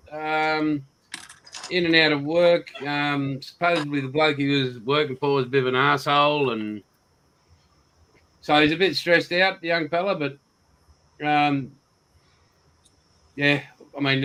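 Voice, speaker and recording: A man's voice: a little high, steady tone, moderate pace, clear, resonant tone, low-quality recording. A man hosting a casual group video chat, joking and teasing the others. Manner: joking, swearing, bursts into loud shouts. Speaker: co-host of a modelling video chat.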